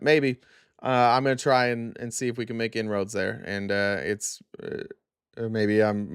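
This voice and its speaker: A man's voice: mid-range voice, clear, resonant tone, no echo, clean studio sound. A tired man hosting a casual live stream, reading viewer comments aloud in a loose, rambling way full of fillers.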